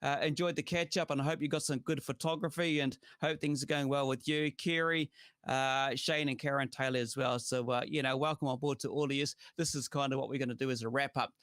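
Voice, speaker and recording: A man with a New Zealand accent hosting a casual talk show, relaxed and chatty, with lots of "uh" and "you know". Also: medium pitch, a little fast, dry recording, clean studio sound. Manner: chatty, relaxed, thanks viewers by name, heavy on fillers. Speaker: show host. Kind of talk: casual podcast chat.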